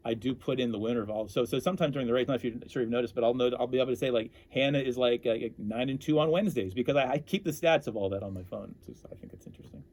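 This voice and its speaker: A man telling stories as an interview guest, animated and often breaking off to restart his sentences. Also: medium pitch, very fast, hardly any pauses. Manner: animated, self-interrupting storyteller. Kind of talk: casual storytelling.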